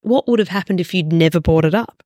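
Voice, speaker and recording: A woman hosting a podcast, talking thoughtfully and gently probing her guest. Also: on the low side, fast talker, dry recording, studio quality. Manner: thoughtful, gently probing, with soft murmurs of assent. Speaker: podcast host. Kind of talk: reflective conversation.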